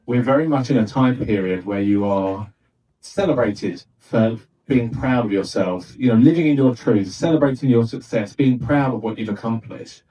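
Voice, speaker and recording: A man with a mellow, warm tone reflects in measured, thoughtful phrases. His voice sits a little distant from the microphone. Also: medium pitch. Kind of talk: reflective interview commentary.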